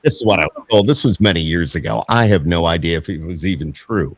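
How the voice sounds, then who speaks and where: Low-voiced man, dry sound. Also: fast, dry recording. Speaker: podcast host. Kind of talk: casual chat.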